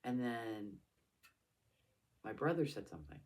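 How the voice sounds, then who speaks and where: A tearful middle-aged woman vlogging a raw emotional monologue to her father, swinging between loud anger and hushed whispers. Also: rumbling low, very animated, unhurried. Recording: voice a bit far from the mic.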